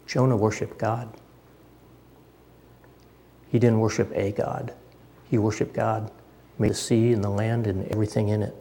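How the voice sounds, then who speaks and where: A man's voice: lowish voice, fairly even intonation, moderate pace, pauses often, warm tone. A man preaching a sermon, reading scripture aloud and talking conversationally, repeating phrases for emphasis.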